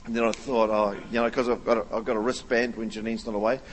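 Animated storytelling pastor, a man. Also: fairly low pitch, fast. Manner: animated storytelling, rising to near-shouting. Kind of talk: sermon. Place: large church hall. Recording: long reverb of a large hall.

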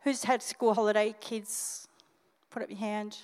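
An older woman with an Australian accent, a senior pastor preaching an animated, emotional sermon straight to her congregation. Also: mid-range voice, measured pace, clear, resonant tone. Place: church hall. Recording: reverberant church hall.

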